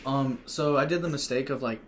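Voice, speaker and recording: Guesting on a podcast, a young man spins a casual, meandering tale among friends, full of false starts, performed quotes, and frequent laughter. His voice is medium in pitch and a little quick, with slight hiss or hum on the recording.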